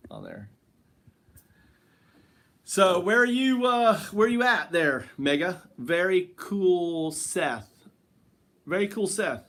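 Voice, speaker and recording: A man's voice: mid-range voice, a bit bright. A man hosting a casual livestream from his home, sitting on the floor and rambling loosely as he talks straight to viewers and answers the chat. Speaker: livestream host.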